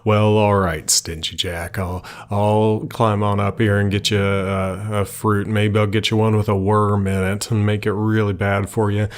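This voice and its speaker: A man voicing a scheming devil come to collect a sinner's soul, in a gruff, folksy way. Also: fairly low pitch, flat delivery, a little slow, hardly any pauses, lightly acted. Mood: amused.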